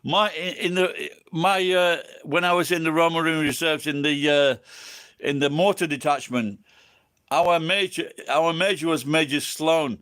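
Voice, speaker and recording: A man's voice: on the high side, fairly even intonation, a little slow, a bit bright, clean tone. An English man with an English accent, tipsy and rambling, swearing constantly as he chats with viewers on a livestream. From England. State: tipsy from drinking. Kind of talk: rambling casual chat.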